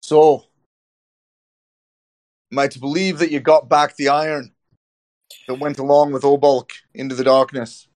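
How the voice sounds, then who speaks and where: A man's voice: mid-range voice, level tone, a little slow, pauses often, a little mellow, lightly acted. A man voicing a hearty male dwarf who speaks in an old-fashioned way, welcoming travelers. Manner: old-fashioned speech, says aye.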